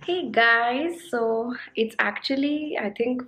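A woman's voice: a little high, slow, fairly bright tone, slightly rough, soft background music. Chatty young Indian woman vlogging. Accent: Indian English. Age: 20s. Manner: chatty and rambling, with many fillers. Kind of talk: casual vlog chat.

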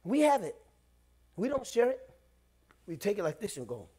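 A middle-aged man, the pastor, preaching a sermon in a conversational way, swinging between loud bursts and hushed asides. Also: high-pitched, big pitch swings, normal speed, husky.

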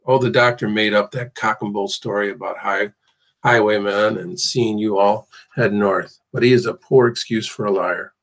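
A man's voice: lowish voice, fairly even intonation, normal speed, a bit bright. A man voicing a cruel young male slaveholder who talks in a mocking, ominous drawl. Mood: menacing drawl.

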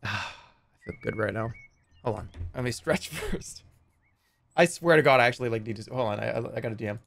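A man's voice: medium pitch, quick pace, gravelly, fairly bright tone, slight background noise. A man hosting a livestream game contest, chatting casually and jokily with plenty of swearing and laughter. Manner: jokey, profane, laughs often.

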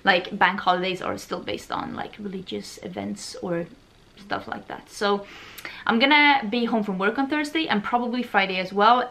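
A young woman from Sweden chatting excitedly as she unboxes beauty products for her vlog, gushing and chatty. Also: mid-range voice, normal speed. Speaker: beauty vlogger.

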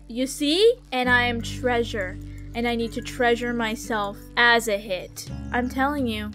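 Young woman streamer, high-ish voice, chatty and dramatic, scolds game characters, gasps at loot. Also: fairly bright tone. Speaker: gamer. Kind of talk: casual gameplay commentary.

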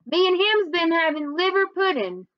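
A man's voice: very high-pitched, sing-song, normal speed, dry recording, lo-fi sound, pitched above the performer's own voice. A woman voicing a kindly older homeless man with folksy talk, read aloud from a storybook. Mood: chatty.

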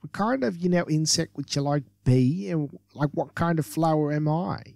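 A man's voice: a little high, moderate pace, creaky, a little mellow, no room sound, clean studio sound. A man voicing a ditzy valley-girl woman on a dating show, gushing and filling every line with "like" and "you know".

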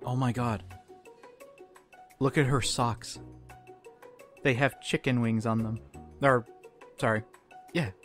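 Slow-talking man riffing on a game. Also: mid-range voice, steady tone, soft background music. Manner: swearing, laughing, reads game text aloud. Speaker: let's play co-host. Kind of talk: casual game commentary with a friend.

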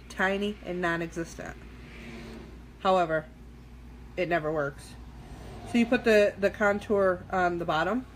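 A woman's voice: mid-range voice, slight background noise. Chatty woman doing a live makeup tutorial. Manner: chatty, loose and profane, talking to viewers while working. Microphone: phone or webcam on a live stream.

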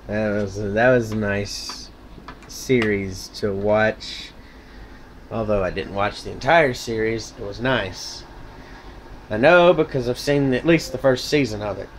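A man's voice: fairly low pitch, unhurried, slight background noise. A man vlogging in a casual, rambling way, sarcastic and full of cussing and self-mockery. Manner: sarcastic, profane, self-mocking.

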